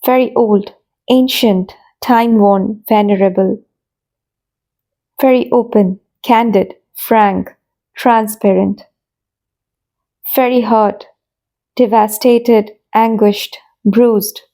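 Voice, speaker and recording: Slow, mellow woman reading phrase lists. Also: medium pitch, fairly even intonation. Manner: reads short phrase pairs with pauses. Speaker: English teacher. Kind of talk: slow scripted vocabulary lesson.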